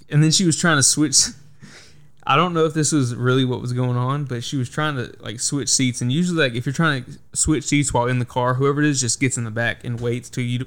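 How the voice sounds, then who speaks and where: A man's voice: mid-range voice, clean tone. A young man chats casually on a podcast, spinning a long anecdote. He rambles, leans on "like" constantly, and swears freely. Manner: rambling storytelling with frequent "like" and swearing. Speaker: podcast host. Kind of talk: casual chat.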